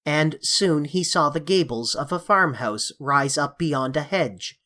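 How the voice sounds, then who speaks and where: An audiobook narrator reading a classic fantasy novel aloud in a measured, even storytelling manner. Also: medium pitch.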